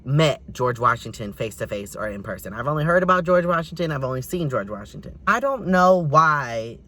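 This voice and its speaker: A young man telling a casual storytime vlog in a sassy, dramatic way. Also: brisk. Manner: animated, sassy, dramatic delivery with big swings in pitch. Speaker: storyteller vlogger.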